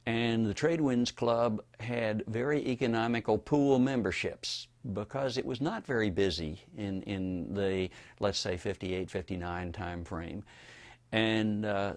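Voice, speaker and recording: An older man from Florida recalls the old days in an oral history interview. His voice sits a little low, and he spins his stories with a dry, wry humor and an easy storyteller's pace. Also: unhurried, a little mellow.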